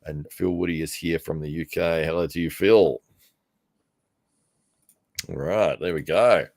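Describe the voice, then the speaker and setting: A man's voice: low-pitched, measured pace, gravelly, a little mellow, dry recording, clean studio sound. A man co-hosting a podcast, reading viewer comments aloud in a chatty, jokey way. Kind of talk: casual podcast chat.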